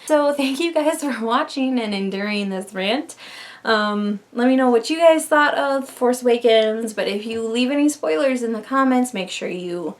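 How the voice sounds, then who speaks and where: Animated woman ranting on her vlog. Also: on the high side. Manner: animated, exasperated, fast tangents with laughs. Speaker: vlogger.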